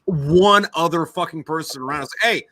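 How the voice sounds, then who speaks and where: A man with a bright, forceful voice chimes in with crude jokes and quick agreements in casual chat. His voice is a bit high for a man. The recording is dry and close. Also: expressive, no room sound. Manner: crude joking, brief agreeing interjections. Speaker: podcast co-host.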